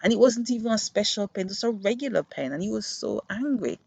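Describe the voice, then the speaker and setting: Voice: medium pitch, animated, a little fast, creaky, darkish tone, breathy edge, no echo. A podcast host who works with children gives an earnest, reflective monologue and explains through classroom stories. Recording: dull, muffled dry recording.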